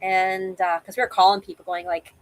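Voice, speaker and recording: A woman in her fifties telling sailing stories as a guest over a video call, animated and vivid. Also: mid-range voice, brisk, poor audio. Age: 50s. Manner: animated storyteller, acts out quoted voices. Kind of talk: casual interview storytelling.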